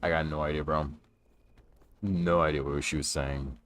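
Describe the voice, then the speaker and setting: Young male gaming streamer, low voice, relaxed chatty delivery, home stream mic. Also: normal speed. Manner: laid-back, chatty, greets viewers while playing. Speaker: livestreamer. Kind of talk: casual gaming livestream chat. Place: his room at home. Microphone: stream microphone.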